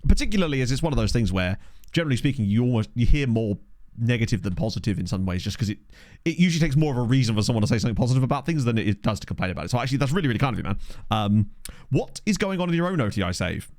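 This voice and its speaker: A man streaming a football management game, chatting casually with his viewers and reacting excitedly to the match. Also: mid-range voice, racing, dry recording, clean studio sound. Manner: chatty, reads chat aloud, excitable reactions to match play. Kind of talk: casual live-stream chat with commentary. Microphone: desk microphone.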